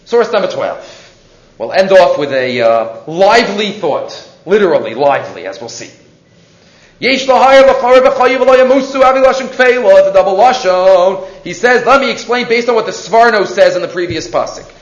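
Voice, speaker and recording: A man gives a weekly Torah class, bright and animated as he acts out voices from the text. His voice sits high, with lively swings of pitch. The recording is dull and lo-fi, in an echoey room. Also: moderate pace. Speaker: Torah teacher.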